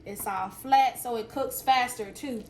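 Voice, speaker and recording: A young woman from Alabama with a Southern accent chats playfully to viewers while cooking in her home kitchen; she's a fitness and cooking vlogger. Her voice sits on the high side at a measured pace, recorded from a distance with a set-back mic and roomy kitchen sound.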